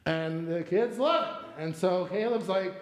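Male pastor, 30s, high voice, chatty storytelling sermon, big echoey church room. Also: a little slow. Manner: conversational, storytelling with personal anecdotes. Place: church sanctuary. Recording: echoey church hall with long reverb.

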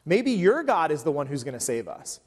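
A man's voice: fairly high pitch, big pitch swings, fairly quick. A man voicing a panicked ship captain who pleads in a raised voice during a retelling from the pulpit. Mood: urgent. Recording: long hall reverb.

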